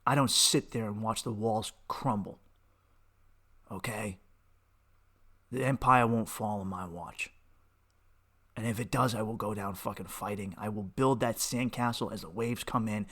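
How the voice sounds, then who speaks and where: A man's voice: fairly low pitch, steady tone, a little slow, long pauses, fairly bright tone, breathy edge. A young man, hosting a podcast as a candid personal monologue, profane and impassioned, with restarts and rising outbursts. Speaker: podcast host.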